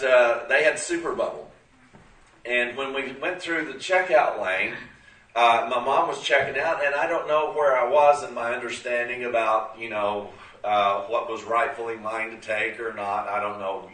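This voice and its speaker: A man's voice: medium pitch, pushed and bright. Folksy man preaching in a roomy hall. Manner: folksy and conversational, full of "you know" and "uh". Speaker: speaker at a church gathering. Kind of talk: storytelling sermon. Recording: roomy, distant from the mic.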